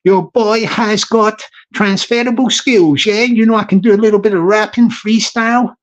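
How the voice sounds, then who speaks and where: A man's voice: high-pitched, fairly even intonation, normal speed. A man hosting a live stream, chatting casually and jokily with viewers and greeting them from the chat. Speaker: livestream host. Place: London.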